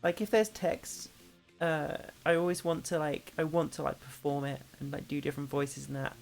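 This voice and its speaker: A woman's voice: deep voice, steady tone, moderate pace, vocal fry, a little mellow, soft background music. A woman streaming and chatting casually with viewers, rambling with lots of fillers and restarts. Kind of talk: casual chat with chat readers. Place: home streaming setup.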